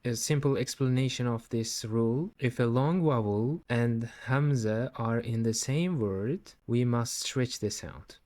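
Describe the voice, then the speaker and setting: Slow, patient man teaching recitation. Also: medium pitch, a little mellow. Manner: patient, repeats each Arabic word slowly to demonstrate pronunciation. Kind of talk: step-by-step recitation lesson.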